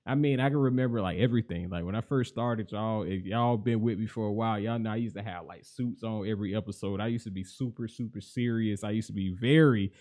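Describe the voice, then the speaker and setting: A young man hosting a podcast, talking through faith and life in a mostly even, monotone way that livens up now and then. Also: on the low side, quick pace, few pauses. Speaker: podcast host and life coach. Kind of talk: reflective faith podcast monologue.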